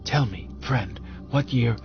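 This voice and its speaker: A man voicing a proud, grim albino prince in a stern, clipped, measured way. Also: mid-range voice, lightly acted. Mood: urgent. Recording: dull lo-fi audio with music behind.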